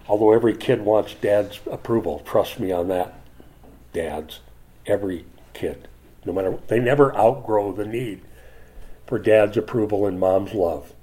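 An older man preaching a sermon as a pastor, dropping soft for asides and rising high when he pleads. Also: a little slow, long pauses, poor audio.

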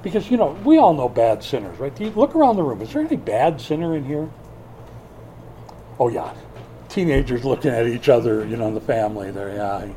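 An older man preaching a sermon in a church, swinging from loud bursts to hushed asides. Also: mid-range voice, big pitch swings, fairly quick, a little hiss or hum. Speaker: pastor.

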